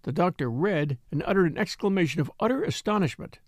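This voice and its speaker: A man narrating an audiobook in a measured storytelling manner, also voicing a wry country doctor. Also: sits high, animated, no room sound, studio quality. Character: middle-aged country doctor, dry and wry. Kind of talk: audiobook reading.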